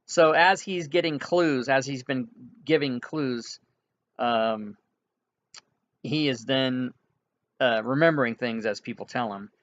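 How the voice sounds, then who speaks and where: A man's voice: mid-range voice, slow pace, fairly bright tone, lo-fi sound. A man narrating an online tabletop game as game master, casual and rambling, with many restarts.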